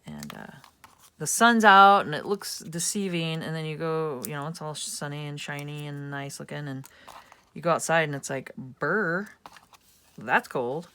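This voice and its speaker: A woman's voice: sits low, animated, normal speed, fairly bright tone, smooth. A woman hosting a casual craft tutorial, chatting and thinking aloud as she works at home. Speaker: craft channel host.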